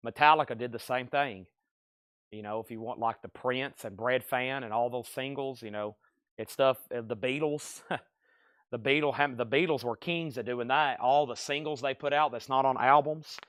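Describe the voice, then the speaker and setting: A man running a live record sale stream, rattling off titles, buyers and prices in a brisk, upbeat patter, with a noticeable accent of his own. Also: medium pitch, fairly bright tone, dry recording. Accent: regional accent he mentions himself. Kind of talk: live sales stream, reading out items and buyers.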